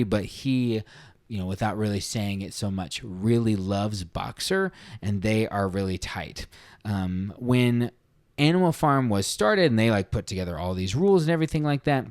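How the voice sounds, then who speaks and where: An earnest man talks through a story in a relaxed, conversational book-review style. His voice sits at a middle pitch. The sound is dry and close, with no room echo. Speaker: podcast host reviewing a book. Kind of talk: casual spoken book review.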